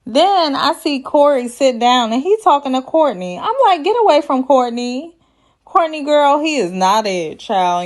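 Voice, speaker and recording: A woman hosting a casual reality TV recap, sassy and chatty, laughing at her own jokes and quoting people in put-on voices. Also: mid-range voice. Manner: quotes cast members in put-on voices.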